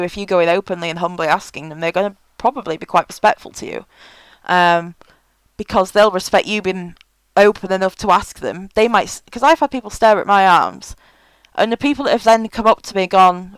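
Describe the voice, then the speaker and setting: A woman's voice: lowish voice, clear, resonant tone, no echo, rough recording. A woman giving frank, chatty advice in a casual vlog, with many fillers. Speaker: vlogger.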